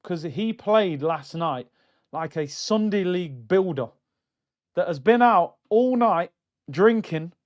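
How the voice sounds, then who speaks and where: A man hosting a football fan channel, ranting in a mocking, slangy, animated way. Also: a little high. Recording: dull lo-fi sound.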